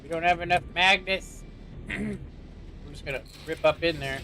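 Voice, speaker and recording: High-voiced young man streaming a game. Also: moderate pace, gravelly, pushed and bright, slight background noise. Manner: playful, slips into joke voices and mock British phrases. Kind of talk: casual gaming commentary.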